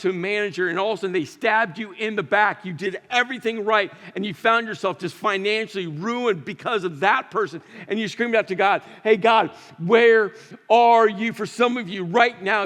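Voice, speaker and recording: A man preaching a sermon as pastor, swinging between loud emotional rises and quiet drops. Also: sits high. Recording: long church reverb.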